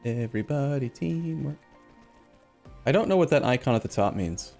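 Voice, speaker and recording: A man hosting a multiplayer let's play in loose, chatty talk, often restarting his sentences and cracking jokes. His voice sits right in the middle of the male range. Soft game music plays faintly underneath. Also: medium pitch, very animated, quick pace. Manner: rambling, self-correcting, jokey. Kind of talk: casual gaming chat.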